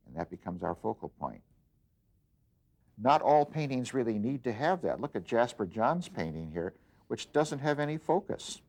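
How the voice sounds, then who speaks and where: A man teaching art, explaining design step by step in a patient, plain way with frequent pauses and restarts. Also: fairly low pitch, darkish tone. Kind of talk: instructional demonstration.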